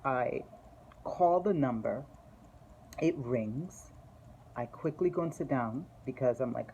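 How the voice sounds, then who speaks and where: Woman, very deep voice, mellow tone, earnest testimony, conversational storytelling. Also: unhurried, long pauses, slight background noise, poor audio. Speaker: testimony speaker. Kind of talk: personal faith testimony.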